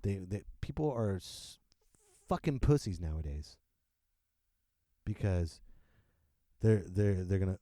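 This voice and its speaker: A man hosting a podcast, delivering an unscripted comedic rant in an animated, joking way and laughing often. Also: low-pitched, takes it slowly, pauses often, no echo, clean studio sound. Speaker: podcast host. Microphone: close podcast microphone.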